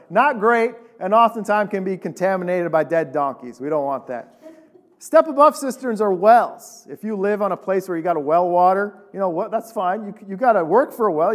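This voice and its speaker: A pastor with a high-pitched voice preaches a sermon in a casual, animated style, putting questions to his congregation.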